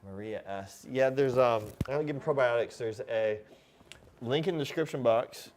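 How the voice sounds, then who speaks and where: A man in his thirties hosting a casual live stream, relaxed and rambling as he reads viewer questions aloud and answers them. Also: medium pitch, moderate pace, slight background noise. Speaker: host.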